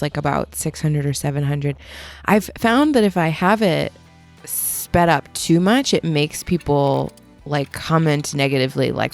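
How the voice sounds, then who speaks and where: A woman's voice: low-pitched, gravelly. A young adult woman who works as a metalsmith, recording a casual voiceover on her own footage. She rambles, mocks herself and laughs often. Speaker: metalsmith and video maker. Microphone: studio voiceover mic.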